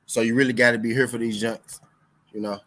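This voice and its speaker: A man's voice: medium pitch, level tone, fairly quick, fairly bright tone, rough recording. A young man hosting a sports betting stream in loose, slangy casual chat, repeating his lines for emphasis. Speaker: sports betting show host.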